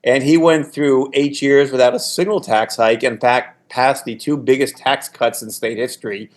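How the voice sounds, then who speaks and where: A man's voice: mid-range voice, steady tone, moderate pace. A man in his sixties, a former political staffer, telling anecdotes in a casual podcast conversation, often restarting his sentences. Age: 60s. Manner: anecdotal storytelling with frequent restarts.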